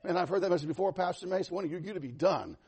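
Male pastor, high husky voice, animated sermon, loud-to-soft swings, folksy humor. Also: very fast. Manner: conversational, self-deprecating humor.

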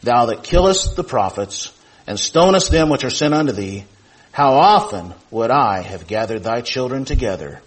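A man's voice: mid-range voice, animated, moderate pace, low-quality recording. A man teaching a Bible class, reading scripture aloud and asking the class questions, with many repeated points and fillers. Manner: reads scripture aloud in King James wording, repeats key points, asks the class questions.

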